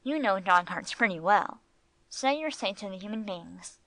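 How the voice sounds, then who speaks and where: A woman's voice: mid-range voice, animated, normal speed, fairly bright tone, dry recording. A woman voicing a wry old male dog. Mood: dry, wry. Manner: grave, sober delivery.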